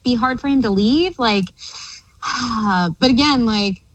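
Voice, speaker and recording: A woman's voice: on the high side, takes it slowly, no echo, muffled recording. A young woman calling into a radio show, chatting casually and hesitantly, with many fillers. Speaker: caller. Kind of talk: casual phone-in chat.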